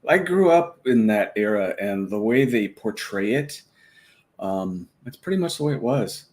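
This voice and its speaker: A man who is a guest on a movie discussion show, talking in a relaxed way about the era he grew up in. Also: on the low side, unhurried.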